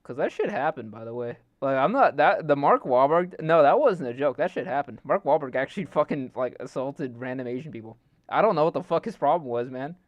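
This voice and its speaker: A man's voice: mid-range voice, animated, a little fast, no room sound, muffled recording. A young man streaming live, ranting in an exasperated, joking way and swearing heavily while his setup fails. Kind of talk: casual live-stream rant.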